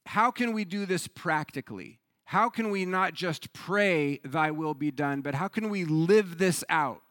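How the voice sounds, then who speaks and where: Male pastor, sermon delivery, animated conversational storyteller, bright voice, dry close sound. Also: fairly high pitch, unhurried, no echo. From United States.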